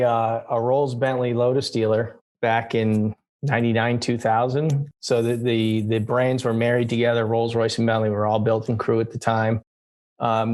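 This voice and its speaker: A man's voice: mid-range voice, darkish tone. Hesitant male car-dealer guest. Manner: hesitant, many fillers, laughs easily. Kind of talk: casual interview chat.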